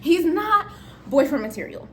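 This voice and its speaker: A woman's voice: high-pitched, sing-song, moderate pace, slight background noise. A woman casually telling a storytime to her channel's viewers, chatty and addressing them directly. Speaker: storytime vlogger.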